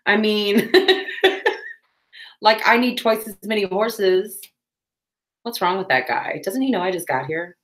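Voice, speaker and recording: A woman's voice: mid-range voice, expressive, takes it slowly, long pauses, fairly bright tone. A woman, chatting casually on a crafting livestream, with playful asides.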